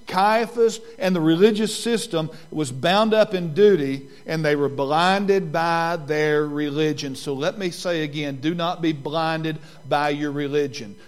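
An older man delivers a Sunday sermon from a church pulpit in a fairly high voice. He talks with earnest conviction, repeating his main points and slowing down to weigh key words. His quick asides run faster in between. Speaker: pastor. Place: church sanctuary.

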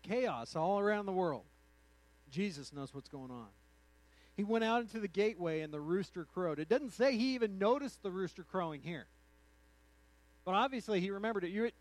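A man preaching a sermon in an animated, conversational way, acting out the quotes in his story. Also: high voice, no echo, low-quality recording. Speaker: pastor.

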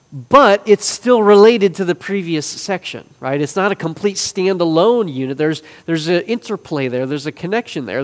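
Emphatic male Bible teacher, echoing hall. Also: on the high side. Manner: emphatic, punches key phrases slowly. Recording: reverberant hall.

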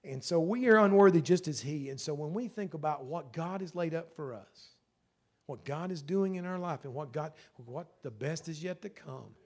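High-pitched guy preaching a sermon, earnest, says the same thing over and over in prayer. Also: normal speed, a little mellow. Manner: earnest, repetitive preaching cadence. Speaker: pastor.

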